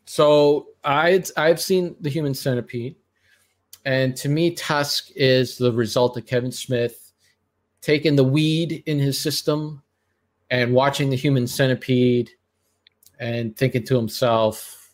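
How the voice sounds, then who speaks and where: A man's voice: mid-range voice, steady tone, slow. A man hosting a podcast, chatting casually and giving his blunt, rambling opinions. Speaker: podcast host. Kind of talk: casual chat.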